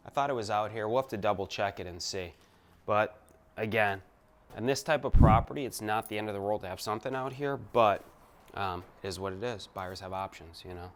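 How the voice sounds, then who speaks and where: A man's voice: fairly low pitch, brisk, big-room sound, slight background noise. A man, a real estate investor, walking through a renovation and talking in punchy, hyped short phrases. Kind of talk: walkthrough vlog. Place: empty house under renovation, indoors.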